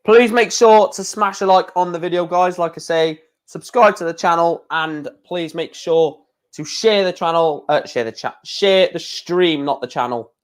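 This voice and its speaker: Stream host, young man, rambling casual chat, voice a touch high. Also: normal speed, few pauses. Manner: rambling, chatty, self-correcting.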